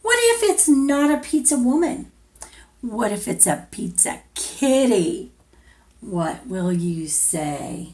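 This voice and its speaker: A woman teacher reads a picture book aloud to little children, gentle and playful. She takes it very slowly, with a lively pitch that rises and falls through every question she asks them.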